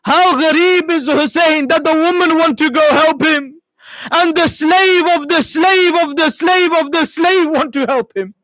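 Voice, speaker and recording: A man's voice: very high-pitched, a bit bright, dry recording, pitched above the performer's own voice, rough recording. A man voicing a weeping old warrior. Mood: anguished lament. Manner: slow, anguished lament.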